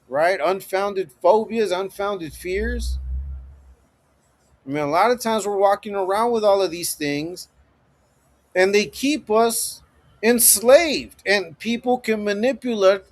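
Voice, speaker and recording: A man hosting his own live stream, giving profane, swaggering motivational talk with frequent laughter. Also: high-pitched. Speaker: livestream host. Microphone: streaming setup.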